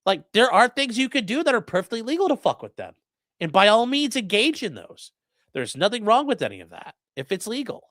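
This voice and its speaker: Reading chat during offhand legal commentary, this streamer is crude, blunt and derisive, alternating between shouting and quiet mumbling. The delivery is brisk and sing-song, captured in a dry, studio-quality recording.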